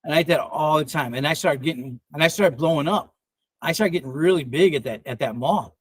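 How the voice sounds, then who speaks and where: High-voiced man in his fifties, excitable. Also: a little fast, breathy edge, no echo. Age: 50s. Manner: excitable, swears freely, laughs often. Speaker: livestream host reading chat. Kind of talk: casual livestream chat.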